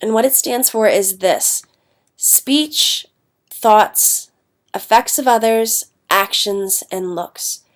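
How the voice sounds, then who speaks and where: A woman's voice: a little high, slow pace. Congested woman teacher giving a lecture. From Ohio, United States. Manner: chatty, often checks in with "okay?". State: stuffed-up nose, congested. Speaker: English teacher. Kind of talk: recorded classroom lecture.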